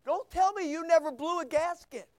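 A man's voice: very high-pitched, moderate pace, dry recording, clean studio sound. A man preaching a sermon, reading scripture and acting out voices as he goes. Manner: animated preaching, acts out quoted voices. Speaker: pastor.

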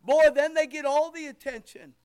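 An older man preaching a sermon as pastor, loud and emphatic, swinging between near-shouts and quiet asides. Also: extremely high pitch, steady tone, normal speed. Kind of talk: sermon with prayer.

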